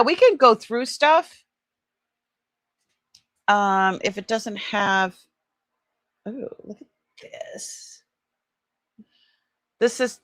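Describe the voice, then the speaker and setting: Woman, middle-aged, slow casual chat, fillers and trailing-off sentences, cooing baby talk, dry close mic. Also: on the low side, fairly bright tone, no echo. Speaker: online jewelry seller. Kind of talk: casual live-sale chat.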